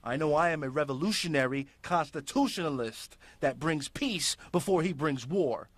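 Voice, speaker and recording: A man's voice: on the high side, expressive, moderate pace. A man hosting a public access show, delivering impassioned political commentary in a fiery, ranting, emphatic way.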